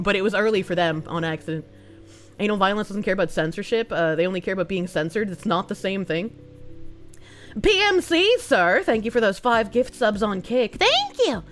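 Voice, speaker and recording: A woman streamer chatting casually with her viewers, thanking donors and swearing freely between quick laughs. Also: mid-range voice, fairly bright tone. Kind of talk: casual livestream chat, reading donations.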